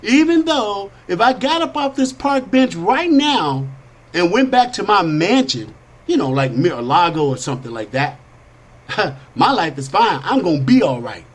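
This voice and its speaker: A man hosting a podcast, telling an animated parable in street slang, swinging between high whiny character voices and low asides. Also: normal speed. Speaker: podcast host. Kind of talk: storytelling monologue.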